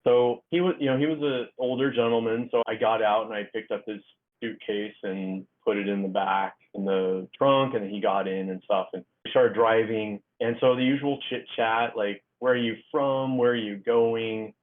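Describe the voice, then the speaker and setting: Middle-aged guy, lowish voice, rambling story with lots of ums, sounds tinny like a phone call. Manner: halting, filler-heavy storytelling. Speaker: guest author. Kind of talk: casual storytelling interview.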